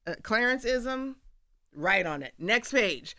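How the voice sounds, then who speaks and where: A woman guest on a radio studio show, telling stories with animated energy and laughing often as she acts out bits of dialogue. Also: fairly high pitch, slow, vocal fry, dry recording. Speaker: guest author. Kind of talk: candid storytelling in conversation.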